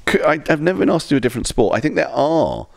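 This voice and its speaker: A man's voice: on the high side, very animated, rapid-fire, vocal fry. A man guesting on a chat show, telling rambling, self-deprecating comic stories in a casual way. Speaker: comedian guest.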